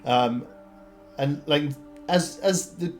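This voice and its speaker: A man narrating as game master of a tabletop game in a relaxed, rambling way. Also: a little high, slow pace, soft background music.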